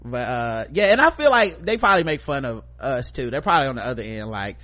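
A middle-aged man co-hosting a podcast, chatting casually and reading listener feedback, acting out stories with loud profane quotes. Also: mid-range voice, moderate pace. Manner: animated storyteller, profane, acts out quotes loudly. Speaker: podcast co-host.

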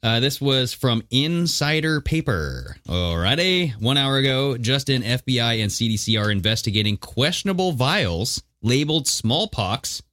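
A man's voice: medium pitch, big pitch swings, normal speed, few pauses, fairly bright tone, no echo, clean studio sound. A man co-hosting a podcast, teasing and crude in casual banter. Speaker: podcast co-host.

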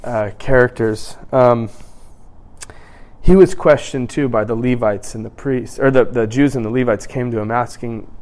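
A man preaching a sermon in an animated way, acting out scripture scenes in different voices. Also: medium pitch, normal speed.

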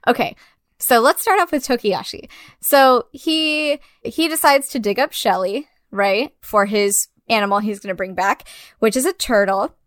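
A woman's voice: a little high, a little slow, no echo, studio quality. A woman co-hosting a casual film review chat, blunt and sarcastic, swearing often. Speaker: podcast co-host.

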